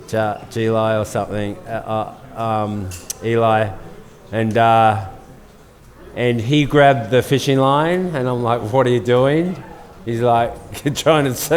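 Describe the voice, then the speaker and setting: A man in his fifties with an Australian accent, telling a story casually with many fillers and restarts. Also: medium pitch. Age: 50s. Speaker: guest storyteller. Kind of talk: casual storytelling at a live event. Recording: long hall reverb.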